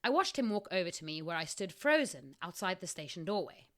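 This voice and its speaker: A woman's voice: fairly low pitch, big pitch swings, brisk, a bit bright. A woman podcast host in her thirties reading her own story aloud, casual, often breaking off to laugh.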